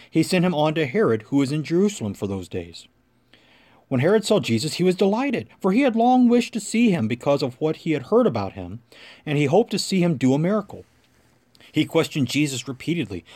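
Man reading scripture in measured tones. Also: a little high, a little mellow. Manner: measured, reverent delivery. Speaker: scripture reader.

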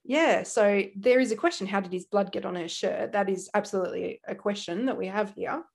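Animated Australian woman co-host, chatty storyteller, laughs easily. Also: mid-range voice, a little fast, creaky, breathy edge. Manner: animated storyteller, laughs often, slips into quoted voices. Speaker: podcast co-host. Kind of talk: casual true-crime podcast chat.

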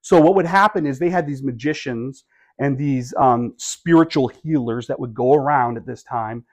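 A man's voice: medium pitch, moderate pace. A man preaching a sermon in a conversational way, with wry asides and rhetorical questions to the congregation. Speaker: pastor.

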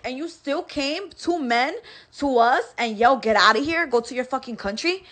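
A woman's voice: sits high, a bit bright. A woman telling a story in casual, agitated talk, with lots of swearing. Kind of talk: casual recounting.

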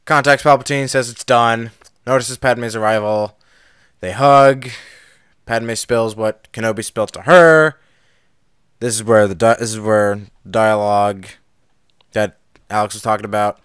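A man's voice: lowish voice, measured pace, pauses often, clean tone, no echo, clean studio sound. A man co-hosting a casual podcast, recapping a film scene by scene and acting out the characters' lines as he goes. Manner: animated storyteller, acts out quotes, laughs often. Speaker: podcast co-host.

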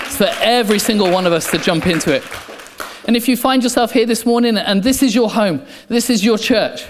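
High-voiced preacher, passionate. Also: male voice, brisk, a little hiss or hum. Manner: passionate, repeats phrases, drops to quiet intensity. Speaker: pastor. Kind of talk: sermon. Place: church. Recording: echoey church hall, soft guitar behind.

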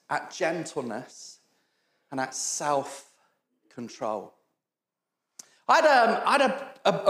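A man preaching a sermon, telling funny stories, acting out the voices of the people in them and laughing often. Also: a little high. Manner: storytelling, acts out quoted voices, laughs often. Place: church hall. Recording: echoey church hall.

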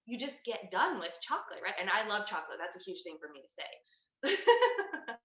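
A woman's voice: medium pitch, big pitch swings, normal speed, a bit bright, echoey room, muffled recording. A woman in her thirties, a birth coach, talking as a podcast guest in a chatty way, laughing often and saying "like" a lot.

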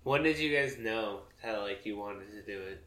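A man's voice: on the low side, normal speed, a bit bright, echoey room. A man in a casual chat, curiously asking his friends questions.

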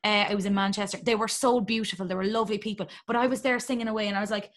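An Irish woman hosting a podcast, chatting casually with friends, jokey and quick to laugh. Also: medium pitch, steady tone. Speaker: podcast host. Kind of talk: casual chat.

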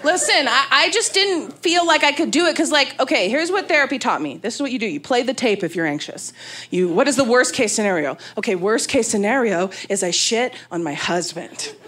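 A Las Vegas woman in her thirties, with a fairly high voice and a fairly quick delivery, performs a brash, candid stand-up set into a handheld mic on a comedy club stage. She tells stories with big animated asides, and the live recording picks up crowd laughter and room ambience.

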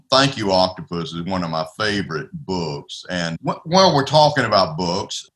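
A man's voice: medium pitch, pushed and bright. A man hosting an interview, asking easygoing questions. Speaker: interview host. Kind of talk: casual interview.

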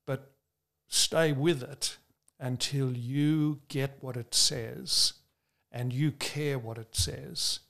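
A man from Australia who is a preacher, answering interview questions in a measured, earnest way, slowing down to stress key points. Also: mid-range voice, steady tone, creaky, fairly bright tone. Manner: measured, earnest storytelling with slow emphatic stresses.

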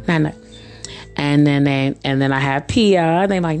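Low-voiced chatty woman, a bit hoarse. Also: lively intonation, normal speed, music in the background. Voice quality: slightly rough voice. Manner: chatty, laughs often, acts out children's squeaky voices. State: hoarse from allergies. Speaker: podcast host. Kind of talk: casual storytelling monologue.

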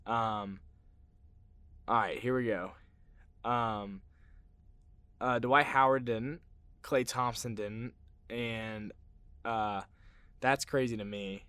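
A man's voice: medium pitch, fairly even intonation, slow pace, pauses often, clear, resonant tone, no echo. A young man hosting a casual sports podcast, rambling through his opinions with lots of fillers and restarts and getting worked up when he rants. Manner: gets worked up and loud when ranting. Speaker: podcast host.

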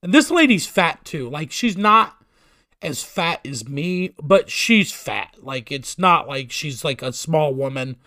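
A man telling a long story in casual, profane chat, poking fun at himself and getting more animated as it goes. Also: a little high, slow pace, no echo, clean studio sound.

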